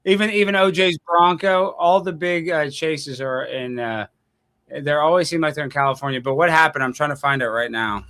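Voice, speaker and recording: Hosting a late-night call-in live stream, this man speaks at a moderate pace in a slightly high voice. His casual talk is an animated, sarcastic rant, and he thinks out loud while looking things up online between callers.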